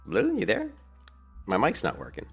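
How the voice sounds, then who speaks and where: A man's voice: fairly high pitch, wildly swooping pitch, moderate pace, vocal fry, husky, soft background music. A man chatting casually while playing a game, rambling, laughing often and swearing now and then. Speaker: gaming streamer. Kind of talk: casual gameplay commentary.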